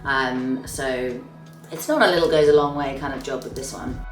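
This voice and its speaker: A young beauty vlogger with a very deep, steady voice talks casually to camera at a moderate pace about her monthly favourites. She gushes and trails off at the ends of phrases, recorded from a distance in a roomy space, slightly off mic, with faint music.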